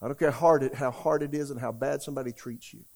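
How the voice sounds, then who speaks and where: A man's voice: mid-range voice, fairly even intonation, fast, gravelly, darkish tone. Older guy preaching to his church, punchy, keeps asking the room questions. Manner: folksy, emphatic preaching with questions to the congregation. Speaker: pastor. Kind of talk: sermon.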